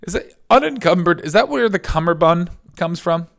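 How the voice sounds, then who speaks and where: A man hosting a podcast, ranting comically in a loud, excitable way, swearing and jumping between topics. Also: high voice, normal speed, vocal fry. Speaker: podcast host. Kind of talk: comic rant. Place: hotel room. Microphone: video call microphone.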